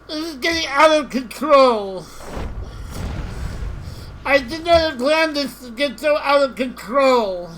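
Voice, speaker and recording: A woman playing a strategy game live, exasperated, repeating herself and shouting at units on screen. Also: high voice, slight background noise, rough recording. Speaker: gamer.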